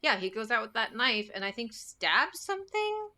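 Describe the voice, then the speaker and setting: A woman's voice: fairly high pitch, very animated, normal speed, bright, forceful tone. A woman co-hosting a podcast, chatting bluntly and casually about horror films. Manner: blunt, swears, laughs easily. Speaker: podcast co-host. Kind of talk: casual film discussion.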